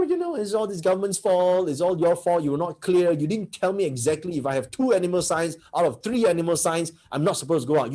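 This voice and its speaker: A shrill, whining complainer who blames everyone else, pitched high and loud, with a husky edge, as a man puts him on mid-lecture. The voice is exaggerated and accusing, sulking like a perpetual victim. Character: whiny blaming complainer playing the victim.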